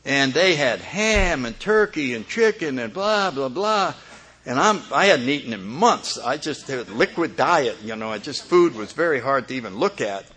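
A man's voice: mid-range voice, expressive, normal speed, a bit bright, breathy edge. An older man telling a humorous personal story as a speaker at a recovery meeting, often chuckling as he talks.

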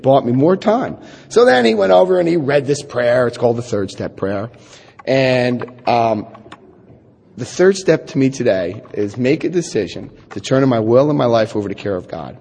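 A man in his forties speaking at a recovery meeting, telling his story with lively acted-out dialogue. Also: mid-range voice, breathy edge. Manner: animated storytelling, acts out quoted dialogue. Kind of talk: personal recovery talk. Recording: long hall reverb.

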